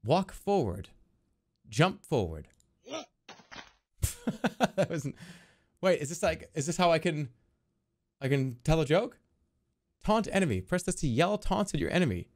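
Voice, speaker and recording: Excitable jokey man streaming a game. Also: a little high, measured pace, pauses often. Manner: excitable, jokey, reads game text aloud. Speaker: streamer playing a video game. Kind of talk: casual gameplay commentary.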